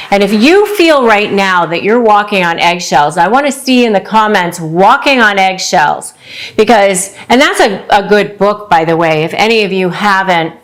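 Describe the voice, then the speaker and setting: A woman's voice: mid-range voice, fairly bright tone. Earnest woman giving advice to camera. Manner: earnest, quick, acts out quoted lines. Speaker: divorce lawyer and coach. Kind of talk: direct-to-camera advice talk.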